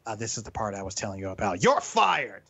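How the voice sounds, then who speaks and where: A man in casual chat, recapping a show and acting out its lines with big jumps in pitch. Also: racing, slightly rough. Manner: animated, acts out lines with big pitch swings.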